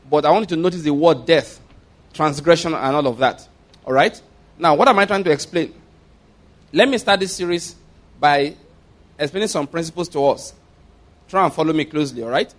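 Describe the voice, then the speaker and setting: Emphatic male preacher, slightly high voice. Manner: slow emphatic scripture reading. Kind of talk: sermon.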